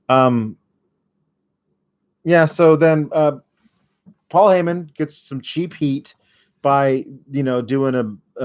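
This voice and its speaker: A man's voice: mid-range voice, a little mellow. A man hosting a casual solo recap show, rambling and sarcastic, with frequent fillers and swearing when annoyed. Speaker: host.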